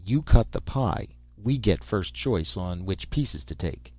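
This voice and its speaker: A man voicing a sharp-witted male agent who speaks in a calm, measured, matter-of-fact way, recorded on a dull lo-fi track. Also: lowish voice, no room sound, heavily acted.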